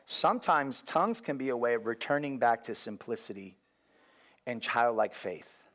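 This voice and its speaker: A young adult man, a pastor, giving a conversational sermon, telling a personal story with lively asides to his congregation and frequent restarts. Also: mid-range voice, normal speed.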